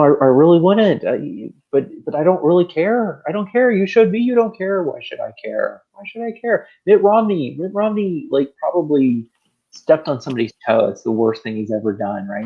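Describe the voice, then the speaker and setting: A man's voice: mid-range voice, fairly quick, slightly rough, phone-quality sound. A man co-hosting a podcast, ranting about politics in a heated, sarcastic, repetitive way. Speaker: podcast co-host. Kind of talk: political rant.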